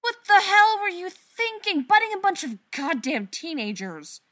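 A woman voicing a fierce young werewolf woman who yells and swears in outrage. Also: mid-range voice, very animated, moderate pace. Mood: furious yelling.

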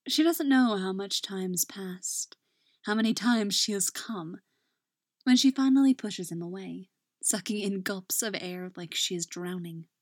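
A woman narrating a romance story in a soft voice that drops into whispers. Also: medium pitch, no room sound, clean studio sound.

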